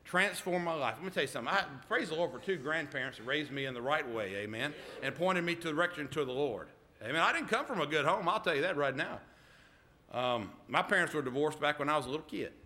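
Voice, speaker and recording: Male preacher, middle-aged, bright forceful tone, fairly high, call-and-response delivery. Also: expressive, fast. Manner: emphatic call-and-response, repeated "amen?". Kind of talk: sermon.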